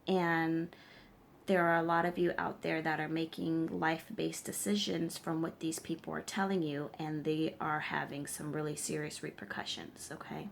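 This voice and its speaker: A woman's voice: sits low, level tone, moderate pace, vocal fry, slight background noise. A woman tarot reader giving emphatic advice straight to her viewers, often checking in with them as she lectures. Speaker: tarot reader and spiritual practitioner. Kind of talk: direct-to-camera advice vlog.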